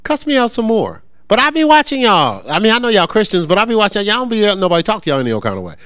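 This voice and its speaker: A male pastor teaches a congregation, and his pitch swings up and down with animation. His voice is a little high for a man and is recorded dry and close, with no room echo. He keeps checking in with the listeners and slips in humor. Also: wildly swooping pitch, fast, fairly bright tone, clear, resonant tone. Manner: call-and-response, asks congregation to answer; humorous, acts out quoted voices. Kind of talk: interactive sermon teaching.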